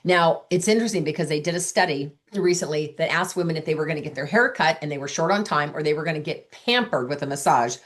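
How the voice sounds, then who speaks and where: A middle-aged woman coaching sales consultants, telling stories and acting out the dialogue she quotes. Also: low-pitched. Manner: chatty, acts out quoted dialogue. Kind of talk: coaching talk with anecdotes.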